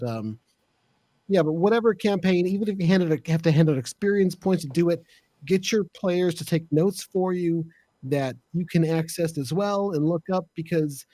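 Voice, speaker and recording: A man explains a game-mastering tip in a hesitant, methodical way, with frequent ums. His voice is slightly higher than most men's and mellow in tone, and the sound is dry and close to the mic. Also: no echo. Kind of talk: casual panel chat.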